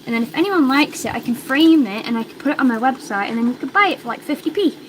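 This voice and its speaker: A young British woman hosts a casual crafting livestream from home, her voice sitting on the higher side as she rambles from one thought to the next. She talks in an excitable, chatty way and often repeats her words. Steady background noise runs under her voice on the stream. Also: fast, low-quality recording. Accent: British English. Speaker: crochet livestreamer.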